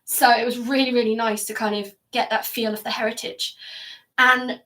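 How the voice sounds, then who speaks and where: Hesitant woman vlogger, high voice. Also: level tone, a bit bright, recorded from a distance. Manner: hesitant, many fillers, halting restarts. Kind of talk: personal reflective monologue. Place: upstairs at home indoors.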